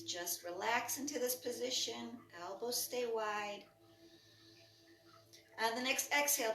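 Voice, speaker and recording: A woman instructor leading a breathwork and movement class with calm, short spoken cues paced to the breath. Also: on the high side. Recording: echoey room from far off.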